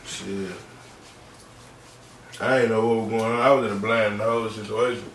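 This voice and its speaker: A young man in a podcast interview, telling a personal story in a halting, slangy, subdued way. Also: fairly low pitch, fairly even intonation, recorded from a distance. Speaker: podcast guest. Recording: roomy, off-mic, faint background noise.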